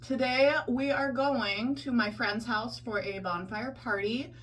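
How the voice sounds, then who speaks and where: A woman's voice: fairly high pitch, fairly even intonation, a little slow, a bit bright, slight background noise. A woman chatting casually in a vlog, chatty and self-deprecating, talking through her day. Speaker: vlogger.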